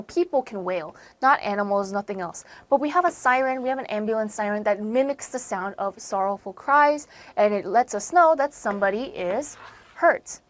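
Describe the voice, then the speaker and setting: An American woman teaching English vocabulary in an online lesson, explaining words patiently, repeating and rephrasing, with sudden emphatic stresses on key words. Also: on the high side. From United States.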